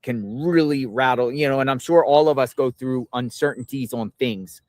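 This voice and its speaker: Calm, affirming interview host. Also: mid-range voice, normal speed, dry recording, clean studio sound.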